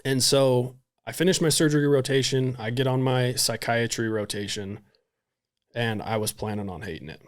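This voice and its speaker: A man, a psychiatrist and podcast guest, telling stories casually and animatedly, swearing freely and acting out the dialogue. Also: medium pitch. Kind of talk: casual storytelling.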